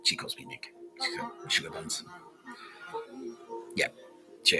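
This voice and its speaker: A man's voice: medium pitch, animated, a little slow, pauses often, over music, rough recording. An Australian man hosting a podcast, rambling casually and swearing freely. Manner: swears freely, loose and laughing. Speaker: podcast host.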